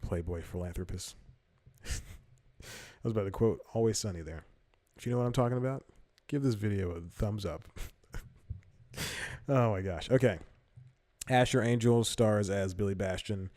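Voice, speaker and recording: Rambling low-voiced male podcast host. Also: normal speed, pauses often, darkish tone, no echo. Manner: rambling, self-correcting, laughs often. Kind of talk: casual comedic commentary.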